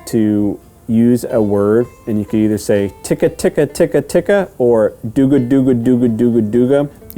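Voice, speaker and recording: Speaking with a low, warm voice, a man gives patient step-by-step duck calling instruction. He goes over steps again, asks "okay?" to check in, and slowly counts and sings out the rhythms.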